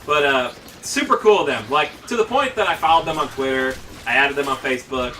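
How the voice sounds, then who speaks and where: A man's voice: mid-range voice, lively intonation, a little fast, pushed and bright, recorded from a distance, slight background noise. A man telling a long, rambling, profane story during casual gaming commentary. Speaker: let's play commentator.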